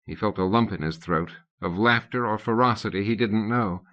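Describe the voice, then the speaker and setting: A man narrates an audiobook in a steady, measured way, lifting his pitch for the characters' dialogue. The scripted narration comes through as dull, lo-fi cassette audio.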